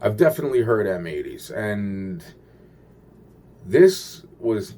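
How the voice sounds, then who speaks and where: A man's voice: lowish voice, big pitch swings, slow, mellow. A man rambling through a paranoid personal story, swearing constantly and restarting his sentences.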